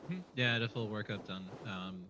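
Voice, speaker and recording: An American man telling stories in animated casual chat, getting defensive when teased. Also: fairly low pitch, fairly quick, noisy background. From United States.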